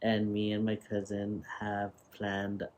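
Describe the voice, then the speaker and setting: A man's voice: lowish voice, monotone, slow, darkish tone, a little hiss or hum. Blunt man swearing through a story. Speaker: podcast co-host. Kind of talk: casual chat.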